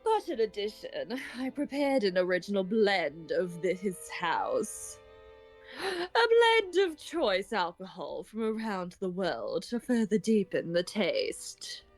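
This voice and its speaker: A woman's voice: mid-range voice, very animated, faint music behind. A woman doing a proud stately male cook. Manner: slow, formal, stately delivery. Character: proud male family cook presenting a dish.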